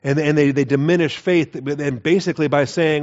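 A man teaching through Bible verses in an earnest, emphatic way, often dropping his voice low to stress a point. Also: steady tone, moderate pace, few pauses, a little mellow. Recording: dull lo-fi recording.

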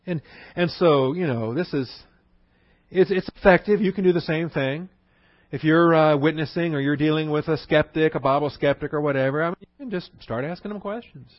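A man's voice: a little high, no echo. Man teaching Bible, dull dry recording. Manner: conversational, repeats phrases for emphasis, slows to spell out words. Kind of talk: classroom Bible lesson.

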